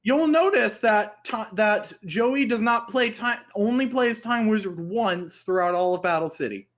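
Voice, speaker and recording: A man's voice: high-pitched, a little slow, a bit bright. A man co-hosting a casual review podcast, rambling and correcting himself as he jokes. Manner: rambling, self-correcting, jokey. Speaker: podcast co-host. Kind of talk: casual chat.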